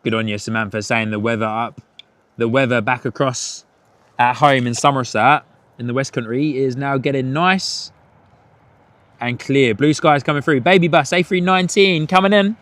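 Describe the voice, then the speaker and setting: A man's voice: medium pitch, steady tone, moderate pace, fairly bright tone, no echo. A man hosting a casual live stream outdoors at an airport, chatting, laughing often and reading out chat messages.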